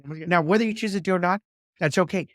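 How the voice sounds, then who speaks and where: Male podcast host, somewhat higher voice, warm encouragement, emphatic repeats. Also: quick pace, no echo, studio quality. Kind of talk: conversational interview.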